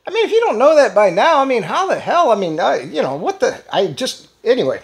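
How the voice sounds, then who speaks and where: A man's voice: very high voice, wildly swooping pitch, brisk, vocal fry, few pauses. A middle-aged man giving rambling solo political commentary, blunt and indignant, restarting sentences and swearing casually. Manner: rambling, repeats words, frequent fillers and restarts. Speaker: political commentary channel host.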